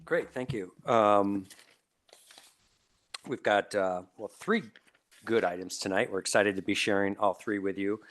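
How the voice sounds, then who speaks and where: A man with a lowish voice briefs a city board. He is polite and hesitant, and pauses often on 'uh' between phrases. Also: a bit bright, a little hiss or hum. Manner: polite, with many 'uh' fillers. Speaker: department staff lead. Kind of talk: meeting briefing. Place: city board meeting room.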